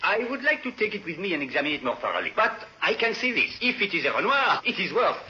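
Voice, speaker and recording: An actor playing a courteous, shrewd French art expert with a French accent, in an old radio drama. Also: male voice, sits high, sing-song, bright, forceful tone, a little hiss or hum, full character voice. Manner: courteous, measured and knowing. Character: polite, shrewd French art expert, middle-aged man. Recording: muffled old radio broadcast.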